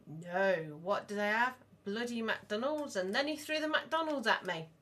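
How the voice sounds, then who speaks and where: A woman's voice: medium pitch, unhurried. Chatty woman telling rambling stories. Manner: rambling, animated storyteller. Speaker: podcast co-host, mother of the other host. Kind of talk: casual chat.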